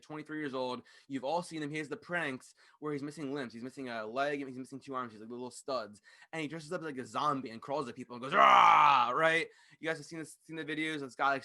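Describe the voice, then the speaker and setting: A man hosting a podcast, ranting fast, loud and passionate into a studio microphone, swearing freely. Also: medium pitch. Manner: fast-talking. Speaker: podcast host. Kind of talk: ranting monologue.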